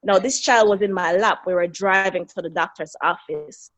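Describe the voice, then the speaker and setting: A woman's voice: on the low side, normal speed, fairly bright tone, lo-fi sound. A middle-aged woman, a guest on an interview show, tells in earnest the story of losing her young son, reliving each moment. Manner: earnest, reliving events, voices quoted people. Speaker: guest, bereaved mother. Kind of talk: emotional personal storytelling.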